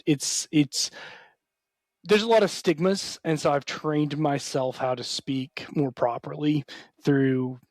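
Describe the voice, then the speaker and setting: Man, mild Southern accent, thirties, slightly high voice, dry close recording, chatty and jokey. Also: fairly even intonation, slow pace, darkish tone, no room sound. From Arkansas, US South. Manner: chatty, laughs often, jokey asides. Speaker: guest author. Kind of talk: casual podcast conversation.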